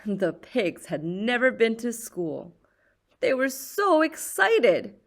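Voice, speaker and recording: A woman reading a children's picture book aloud in a slow, expressive storyteller's voice. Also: on the high side.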